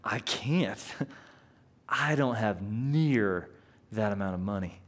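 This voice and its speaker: A preacher voicing a begging servant. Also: male voice, lowish voice, animated, takes it slowly, voice pushed down. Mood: pleading. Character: pleading indebted male servant.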